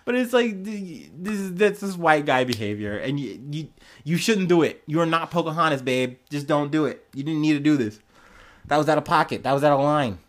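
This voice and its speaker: A man hosting his own podcast, giving casual solo news commentary in a blunt, profane and animated way. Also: fairly high pitch, a little fast. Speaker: podcast host.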